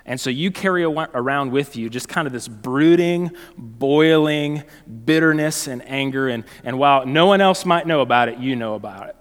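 A man's voice: medium pitch, normal speed, hardly any pauses. Man preaching in an echoing hall. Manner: conversational, animated storytelling with frequent restarts. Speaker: pastor. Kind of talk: sermon.

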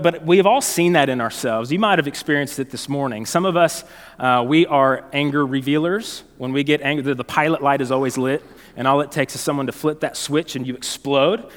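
Man preaching in an echoing hall. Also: a little high. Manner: conversational, animated storytelling with frequent restarts. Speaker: pastor. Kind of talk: sermon.

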